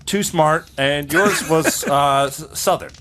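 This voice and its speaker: A man's voice: a little high, takes it slowly, fairly bright tone, faint music behind. A man co-hosting a comedy podcast, chatting casually in a laid-back, self-deprecating way. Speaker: podcast co-host.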